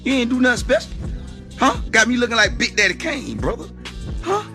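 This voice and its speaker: High, lively man in an indignant comedy sketch. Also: fairly quick. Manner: indignant, animated arguing. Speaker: comedian playing a barbershop customer. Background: music.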